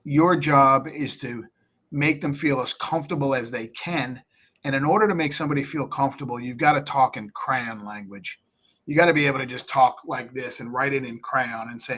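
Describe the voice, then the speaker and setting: A man's voice: medium pitch, normal speed, pushed and bright. A man being interviewed on a live stream, coaching investors in a blunt, plain-spoken way and acting out talks with sellers. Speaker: real estate investor guest.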